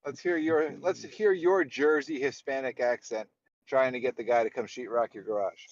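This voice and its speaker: A man's voice: medium pitch, steady tone, moderate pace, no echo, muffled recording. A man who co-hosts a live trading stream, bantering bluntly with his friends, teasing them and swearing freely. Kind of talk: casual banter.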